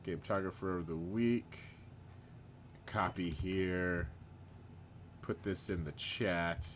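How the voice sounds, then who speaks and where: A man hosting a live stream in casual chat, rambling, chuckling often and bursting into excited outbursts. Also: deep voice, takes it slowly, a little hiss or hum. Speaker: host of a live-streamed show.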